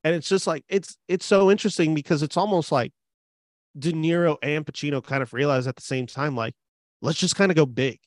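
A young man in casual film discussion, animated and rambling with many fillers. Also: a little high, brisk, no echo, studio quality. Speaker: film podcast co-host.

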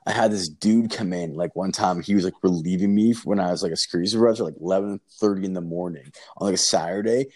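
A man's voice: deep voice, fast talker, few pauses, darkish tone. A man telling a story in casual chat, rambling and swearing, with lots of filler words.

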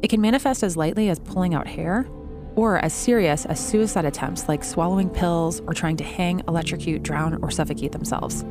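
A woman narrating a documentary in a measured, informative scripted style. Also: on the low side. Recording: narration over clear music.

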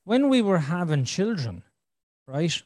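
A man's voice: high-pitched, very animated, unhurried, a little mellow, no room sound, studio quality. A man in his thirties hosting a podcast, telling a frank, rambling personal story and swearing freely. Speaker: podcast host. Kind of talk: candid conversational storytelling.

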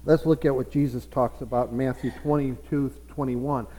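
A man's voice: mid-range voice, steady tone, moderate pace, warm tone. A man preaching a sermon as pastor, earnest, often repeating himself and acting out what believers say. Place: church sanctuary. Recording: long echo of a church hall.

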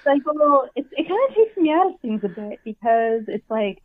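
A woman's voice: a little high, sing-song, brisk, few pauses, dry recording. A woman guest in a casual podcast chat, rambling with a wry, self-deprecating manner over a phone call. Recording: tinny dry phone line.

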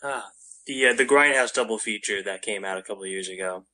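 A man with a bright, forward voice joins a casual movie chat. He is laid-back and slips in dry sarcasm. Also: fairly low pitch, fast.

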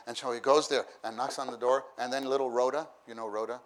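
Fast and steady, a man with a mid-range voice gives a conversational sermon at a church meeting. He repeats phrases and mimics the voices of people in his stories, interrupted by bursts of laughter.

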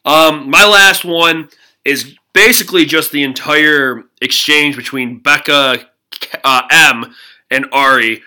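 A man's voice: fairly high pitch, slow pace, sharp tone. A man co-hosting a podcast, chatting casually and laughing as he recaps a reality show. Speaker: podcast co-host. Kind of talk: casual chat.

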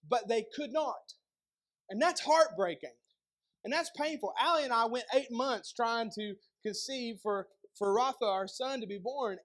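A man's voice: very high voice, fairly bright tone. A young adult man with an East Tennessee accent preaching a sermon, in a casual style full of rhetorical questions and joking asides. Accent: Southern US, East Tennessee. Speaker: pastor.

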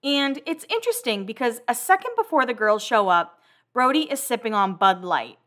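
A woman's voice: a little high, very animated, moderate pace, a bit bright. A woman hosting a casual recap of TV episodes, chatty and full of "like" fillers.

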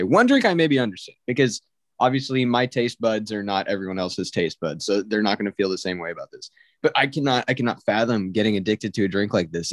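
A young Californian man co-hosts a podcast, ranting bluntly and emphatically in casual conversation. His voice sits on the low side, captured in a dry, clean studio recording.

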